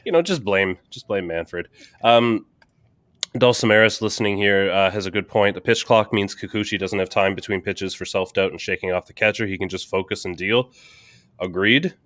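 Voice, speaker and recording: A man's voice: on the low side, normal speed, fairly bright tone, no room sound, clean studio sound. A Canadian man co-hosting a casual sports podcast, chatting, joking and reading out viewer comments. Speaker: podcast co-host.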